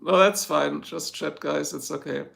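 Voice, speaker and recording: A middle-aged German man with a gravelly, somewhat high voice, hosting a live stream. He speaks English with a clear German accent and rambles loosely, turning again and again to talk straight to his chat. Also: fairly even intonation, a little slow, fairly bright tone. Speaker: livestream host. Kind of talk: casual livestream chat.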